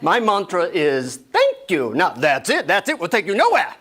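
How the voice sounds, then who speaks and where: A man voicing an old male Indian guru, a patient teacher, in a deep Indian accent with slow, solemn delivery. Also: wildly swooping pitch, bright, forceful tone, full character voice.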